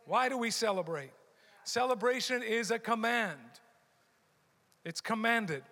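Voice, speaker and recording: A man's voice: very high-pitched, lively intonation, a little slow, pushed and bright. A middle-aged man preaching a sermon as pastor, emphatic and repeating his key phrases. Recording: long hall reverb.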